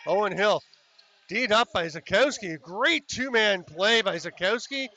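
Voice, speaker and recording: A man calling a lacrosse game as play-by-play commentator, chatty and excitable on goals, with apologetic asides between plays. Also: high voice, measured pace. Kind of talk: sports commentary. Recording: slightly dull lo-fi broadcast with faint noise.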